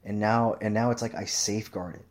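A young man talking casually into a mic in a profane, rambling monologue, swearing constantly and telling animated stories. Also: lowish voice, fairly quick. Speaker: commentator.

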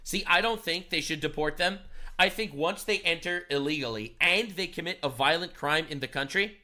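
Young streamer guy with a high bright voice, cussing and joking over news clips. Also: normal speed. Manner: sarcastic, excitable, swears a lot. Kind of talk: casual profane commentary.

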